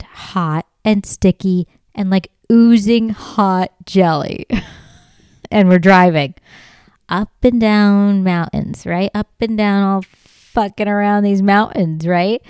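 Brief: woman comic host, smooth clear voice, close and dry mic, animated storytelling, swears freely. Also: medium pitch, dry recording. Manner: animated, swears freely, laughs often, acts out quoted lines. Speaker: podcast host. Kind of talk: comedic storytelling monologue.

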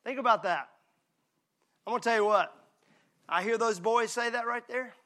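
A male pastor with a high-pitched, bright and forceful voice delivers a sermon. He preaches emphatically, dropping to hushed intimacy and then rising to shouts. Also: normal speed.

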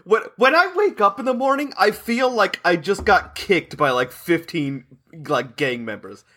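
A man's voice: sits high, lively intonation, moderate pace, bright, forceful tone. A young man on a podcast, ranting in a self-mocking way, laughing and swearing often as he complains. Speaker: podcast co-host. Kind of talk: casual podcast banter.

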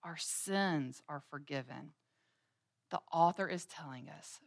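A woman in her thirties with a low, slow voice and vocal fry teaches a women's Bible study, recorded in studio quality with no echo. She earnestly tells everyday stories, acting out scenes with quoted voices.

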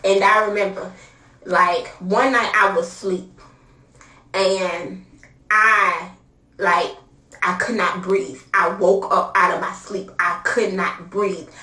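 A woman's voice: medium pitch, steady tone, slow pace, bright, forceful tone. A young adult woman telling a personal story in a casual, candid way, with many fillers. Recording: roomy sound from a distance.

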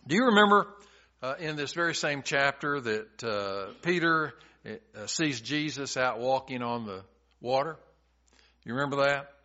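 A man's voice: mid-range voice, animated, measured pace, sharp tone, lo-fi sound. A male pastor preaching a sermon, retelling scripture stories in plain, folksy everyday talk.

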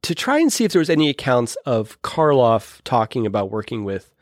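Male podcaster, mid pitch, rambling and enthusiastic, dry close sound. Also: very animated, a little fast, no room sound. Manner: rambling, many restarts, enthusiastic. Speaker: podcast host or guest discussing films. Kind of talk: casual chat.

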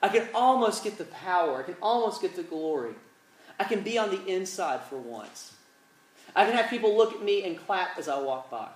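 A man's voice: sits high, expressive, moderate pace, pitched above the performer's own voice. Casting: a man acting out a desperate adventurer hero, slightly raised voice, echoey hall. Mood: yearning. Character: Indiana Jones, adventurer grasping for glory.

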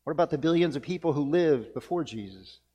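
A man's voice: fairly high pitch, animated, fast, warm tone, slightly rough, dull audio. A man delivering a sermon as pastor, earnest and reflective, repeating key phrases for emphasis. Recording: long reverb of a church hall.

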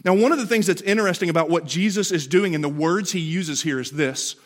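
40s guy pastor, highish voice, preachy but chatty, church sanctuary. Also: fairly quick. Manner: emphatic, conversational preaching with rhetorical questions. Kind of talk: sermon.

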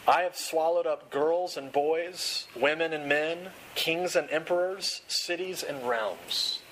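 Guy doing a big serious lion, slow and low, storybook voice. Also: fairly bright tone, slight background noise, poor audio. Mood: solemn. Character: great solemn male lion king.

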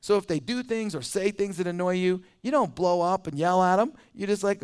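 A pastor preaching a conversational sermon in church, chuckling often and acting out little scenes. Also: male voice, high voice, brisk, few pauses, smooth.

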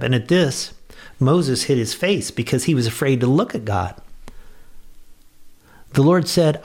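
An earnest male pastor gives a devotional radio message in a conversational, mid-pitched voice. He talks plainly to the listener and lifts into bursts of enthusiasm. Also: expressive, measured pace, pauses often, darkish tone.

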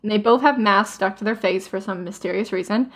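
A woman's voice: medium pitch, fairly quick, fairly bright tone. A woman co-hosting a casual podcast, recapping a fantasy novel with sarcastic jokes and mock quotes of the characters. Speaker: podcast co-host. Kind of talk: casual book-recap chat.

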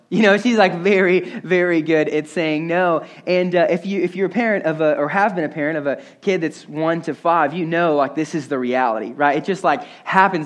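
Young man, pastor's sermon, relaxed and joking, with a slightly raised voice. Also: fairly high pitch. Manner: casual, conversational, self-deprecating humor with many fillers.

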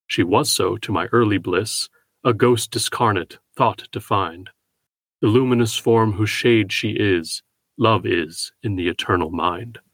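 Male podcast host, husky and dry, measured analytical read on poetics. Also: on the low side, fairly bright tone, dry recording. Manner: measured, analytical, reads verse slowly. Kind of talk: scripted poetry analysis.

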